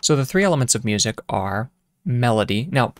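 This music teacher's medium-pitched voice is expressive and fairly quick, captured in a dry, studio-quality recording. His casual keyboard lesson is full of fillers, restarts, and rhythms he hums and counts aloud, with piano heard behind him.

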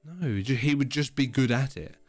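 A man's voice: mid-range voice, lively intonation, a little fast, dry recording, faint music behind. A man co-hosting a podcast in casual chat, blunt and teasing, with rambling explanations. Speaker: podcast co-host.

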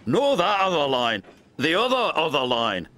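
A man's voice: on the high side, wildly swooping pitch, normal speed, bright, forceful tone, full character voice. A man voicing a proud, peppery male twin engine who talks in a huffy, snappish way. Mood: cross.

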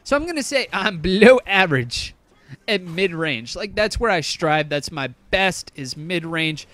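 A man's voice: sits high, animated, a little slow, a bit bright, dry recording. A young man talking casually over his own gameplay, rambling, swearing and running himself down. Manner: rambling, swears often, self-deprecating. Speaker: gaming YouTuber.

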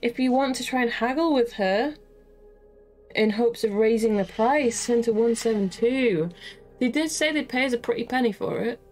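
Excitable woman laughing through a gamebook. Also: fairly high pitch, moderate pace. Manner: laughs easily, swears freely, excitable. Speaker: gamebook co-player. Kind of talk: casual chat while playing a gamebook.

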